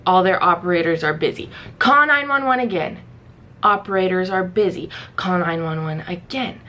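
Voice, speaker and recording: A woman's voice: fairly low pitch, normal speed, pushed and bright. A young woman vlogger casually telling a story to camera, chatty and full of "like", acting out her own reactions. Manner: chatty, fills speech with "like", acts out her own past reactions.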